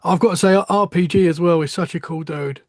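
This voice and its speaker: Podcast host, man, high and gravelly, keen and chatty. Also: a little fast, darkish tone, no echo, clean studio sound. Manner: short enthusiastic reactions, says "man" often. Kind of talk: casual podcast chat.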